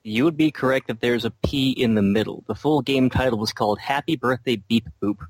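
A man's voice: medium pitch, brisk, no room sound, rough recording. Wry male guest, dry sound. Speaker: guest game master. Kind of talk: casual podcast chat. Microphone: remote call.

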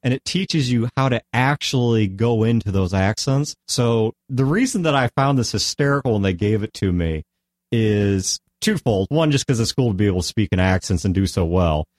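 A man's voice: lowish voice, a little mellow, dry recording, clean studio sound. A man hosting a casual podcast chat, rambling at length and often stopping to correct himself. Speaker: podcast host.

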